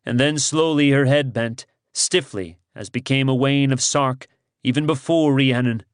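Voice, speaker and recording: A man narrating an audiobook in measured, dramatic storytelling on a close studio mic. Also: mid-range voice, clean tone, dry recording. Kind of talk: scripted narration.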